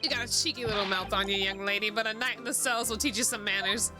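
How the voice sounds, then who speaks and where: A woman reading the lines of a gruff male police inspector from a video game, with a bossy, blustering delivery over background music. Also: mid-range voice, steady tone, quick pace, lightly acted. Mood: scolding. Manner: blustering, threatening.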